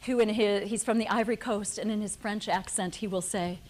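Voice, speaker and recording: A woman's voice: mid-range voice, fairly even intonation, brisk, heavy background noise. A middle-aged woman speaking on a panel, telling her family's story in an earnest, personal way. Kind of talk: prepared panel talk.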